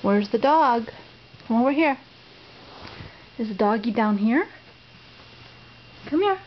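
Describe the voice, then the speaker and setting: Slow, sing-song mother in baby talk. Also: on the high side, expressive. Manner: sing-song, coaxing, exaggerated. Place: home, on a bed. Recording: dull lo-fi home video with faint noise.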